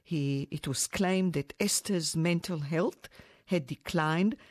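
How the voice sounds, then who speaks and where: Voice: medium pitch, slow, dry recording, studio quality. A presenter giving an informal history talk, speaking unscripted with fillers and self-corrections.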